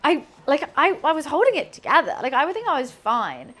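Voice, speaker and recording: A young British woman streaming from her kitchen while she cooks, telling rambling, excitable stories and laughing often. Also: high-pitched, a little fast. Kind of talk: casual chat while cooking on a livestream.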